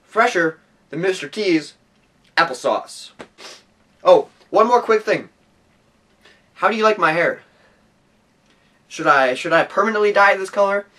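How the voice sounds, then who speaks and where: A man's voice: sits high, animated, moderate pace, pauses often, sharp tone. Hammy young man vlogging from a distance. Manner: hammy, jumping between silly put-on voices. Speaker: vlog host. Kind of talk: goofy comedic vlog.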